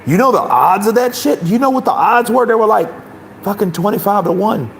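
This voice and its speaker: A man's voice: sits high, expressive, a little fast, vocal fry, a little hiss or hum. A man giving casual boxing commentary, swearing freely, rambling and laughing often.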